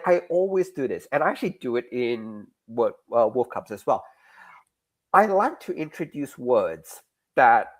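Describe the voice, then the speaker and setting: A man being interviewed about his comics, talking in a lively, casual way with frequent restarts. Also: on the high side. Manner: animated, restarts mid-sentence. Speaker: guest comics creator.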